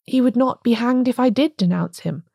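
A woman reading a story aloud, voicing an agitated young male curate who stammers and pitches his voice up with excitement. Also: normal speed, creaky, breathy edge, dry recording, studio quality. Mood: feverish.

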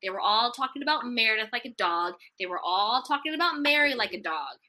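A woman's voice: fairly high pitch, animated, brisk, bright, forceful tone. A young woman chatting casually and animatedly, with a sassy, emphatic way of talking. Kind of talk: casual reality-TV gossip chat.

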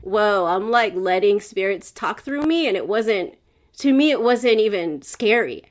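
A young woman who works as a spirit medium, telling her story as an interview guest in a candid, casual way, swearing freely with lots of fillers. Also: medium pitch.

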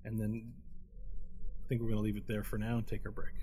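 A man's voice: lowish voice, little pitch movement, rapid-fire, mellow, slight background noise. A man running a tabletop game as game master, narrating scenes in a rambling descriptive way over a headset mic.

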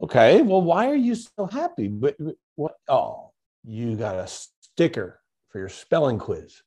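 A man's voice: mid-range voice, big pitch swings, a little slow, a little mellow, husky. A man voicing a cheerful, doting young mother who asks eager, gushing questions.

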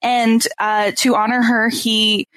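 A woman's voice: fairly high pitch, level tone, slow pace, a bit bright, smooth, dry recording. A woman in her twenties, a podcast guest, talking earnestly and nostalgically with frequent ums. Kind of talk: casual podcast chat.

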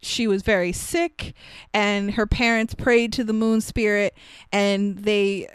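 A woman co-hosting a podcast, recapping an animated show in casual chat, animated and swearing constantly with frequent laughs. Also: medium pitch, takes it slowly, clear, resonant tone, no room sound. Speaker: podcast co-host.

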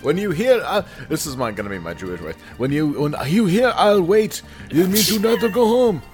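A man doing an exaggerated comic caricature voice, loud and shrill. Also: sing-song, very fast, over music. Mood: mocking. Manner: shrill, exaggerated, high-pitched shouting.

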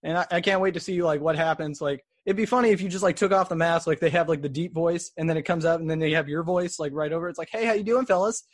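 A man's voice: fairly high pitch, steady tone, fast talker, few pauses. A man interviewing a guest in casual chat, eager and enthusiastic, often restarting his sentences. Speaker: interviewer, fan host.

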